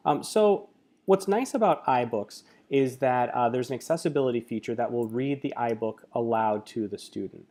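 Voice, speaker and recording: This tech coach talks through a casual screen-recorded tutorial, packing his explanation with fillers. His medium-pitched voice is mellow and animated, moving at a moderate pace.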